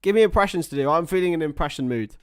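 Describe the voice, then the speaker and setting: A young man hosting a live match watchalong, chatting casually and rambling between topics, with excited bursts of play-by-play. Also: fairly high pitch, rapid-fire, clear, resonant tone. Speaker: livestream host.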